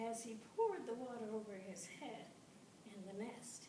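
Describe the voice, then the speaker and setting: A woman telling a folktale to an audience, dramatic and expressive, with pauses and repetition. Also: a little high, recorded from a distance, a little hiss or hum. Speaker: storyteller. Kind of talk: live folktale storytelling. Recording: echoey room, voice from afar.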